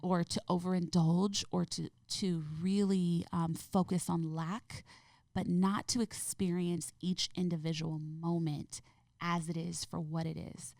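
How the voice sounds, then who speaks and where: A woman speaking as a podcast guest in an earnest, gentle, heartfelt way. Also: fairly low pitch, little pitch movement, unhurried, gravelly, dry recording, clean studio sound. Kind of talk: reflective interview conversation.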